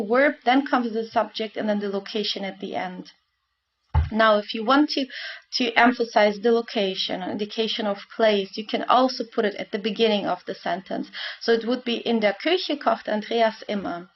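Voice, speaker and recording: Lady teacher going over grammar slides, higher voice, says "okay" and "uh" a lot, kinda muffled audio. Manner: patient, repeats points, many fillers. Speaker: German teacher. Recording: dull lo-fi sound.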